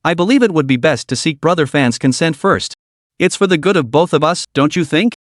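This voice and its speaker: A man's voice: on the high side, expressive, a little fast, dry recording, close to an everyday voice. Give me a man playing a loyal henchman with polite sarcasm, in a dry close recording. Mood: sarcastic.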